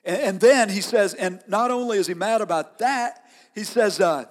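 A male pastor preaching a sermon with conversational, animated storytelling. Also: sits high, moderate pace. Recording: long hall reverb.

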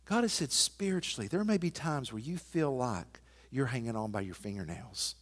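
Middle-aged guy preaching, storytelling, goes quiet then loud, echo from a big hall. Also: on the high side, big pitch swings, quick pace. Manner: storytelling, swings from hushed to loud and emphatic. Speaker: pastor. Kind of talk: sermon.

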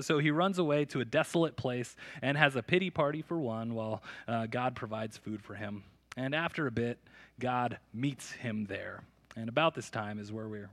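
A man preaching a sermon at a church service, reading scripture with dramatic emphasis and breaking into lively, joking asides. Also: a little high, no room sound. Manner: animated storytelling with asides and jokes. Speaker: pastor.

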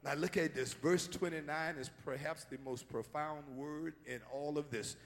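A male pastor preaching a sermon, swinging from hushed asides to shouted call-and-response. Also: on the high side, fairly even intonation, normal speed. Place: church sanctuary. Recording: long hall reverb.

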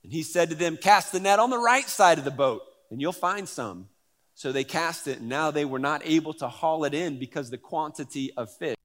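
A man preaching a sermon in a conversational, animated way, with fillers and repeated words. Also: fairly high pitch, moderate pace. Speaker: pastor.

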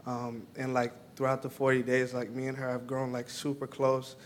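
A young man giving a personal testimony to a church group, halting and full of "um" and "like". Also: mid-range voice, completely flat delivery, a little hiss or hum.

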